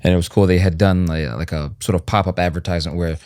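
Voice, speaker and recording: A man's voice: low voice, steady tone, fast, darkish tone, no room sound, clean studio sound. A man co-hosting a podcast, reacting with enthusiasm in casual chat. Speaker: podcast co-host.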